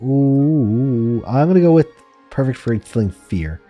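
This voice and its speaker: A man streams a strategy game, reading out its text and reacting in an excitable, jokey way. His voice sits mid-low with a mellow, dark tone. The sound is dry, with faint music underneath. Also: a little slow, no echo, highs cut off. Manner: excitable, jokey, laughing often.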